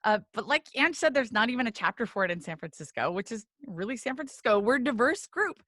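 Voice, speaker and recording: Woman podcast co-host, casual chat, laughs often, animated pitch, dry recording. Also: fast talker, no room sound. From grew up in a small town. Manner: chatty, laughs often, playful asides. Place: San Francisco.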